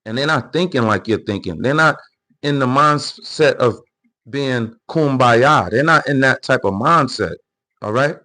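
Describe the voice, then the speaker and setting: A man's voice: medium pitch, animated, a little slow, bright, forceful tone. A man hosting a live political commentary stream, talking heatedly and emphatically to his chat, with frequent repeated words and restarts. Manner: addresses chat readers directly, lecturing. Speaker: political commentary livestream host.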